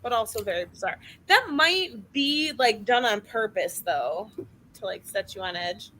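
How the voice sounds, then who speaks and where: A young woman hosting a casual reading stream from home, chatty and animated, laughing at herself often. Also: mid-range voice, measured pace, a little hiss or hum, low-quality recording. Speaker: host of a reading sprint stream. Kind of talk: casual chat. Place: home, near her kitchen.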